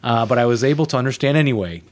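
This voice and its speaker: A man co-hosting a casual podcast, mid-pitched and easygoing. He reads listener mail and drops dry jokes along the way. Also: expressive, very fast. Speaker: podcast co-host. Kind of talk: casual chat.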